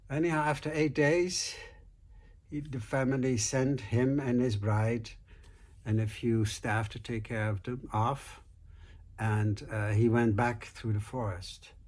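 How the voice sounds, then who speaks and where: Husky-voiced man, mid pitch, telling a folk tale informally, fillers, acts out the characters. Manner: relaxed, with fillers and restarts, voices quotes. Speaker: storyteller.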